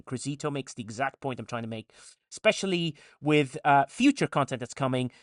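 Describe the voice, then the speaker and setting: A man's voice: mid-range voice, no room sound, studio quality. A man hosting a casual live stream, reading viewer chat comments aloud and answering them with frequent restarts.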